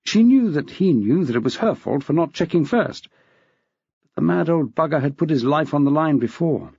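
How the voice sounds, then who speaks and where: A man narrating an audiobook in a measured, expressive reading style. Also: on the high side, vocal fry, husky, no echo. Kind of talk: scripted narration. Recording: dull, dry.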